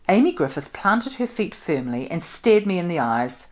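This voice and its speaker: A woman from New Zealand reading a novel aloud in an expressive, measured way. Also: lowish voice. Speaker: audiobook reader.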